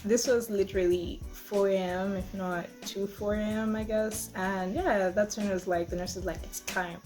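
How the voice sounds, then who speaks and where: A woman in her twenties telling a personal story to camera in a casual, chatty way, full of fillers and lively re-enactments. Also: mid-range voice, normal speed, soft background music. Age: 20s. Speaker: vlogger.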